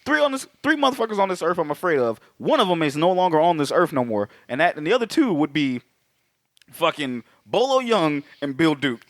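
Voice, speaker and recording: A man's voice: a little high, sing-song, a little fast, no echo. Male co-host, loose and profane, a tenor-ish, bouncy voice, always on the edge of laughing. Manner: profane, joking, laughs a lot. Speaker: podcast co-host. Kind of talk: casual movie podcast banter. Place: lives in Austin.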